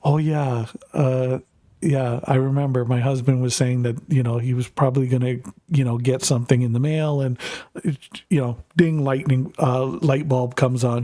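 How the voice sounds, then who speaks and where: Man, middle-aged, Canadian, gaming streamer, rambling chatty storytelling, mellow dark voice, dry close sound. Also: medium pitch, no room sound. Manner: rambling, animated, lots of fillers. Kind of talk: casual storytelling while gaming.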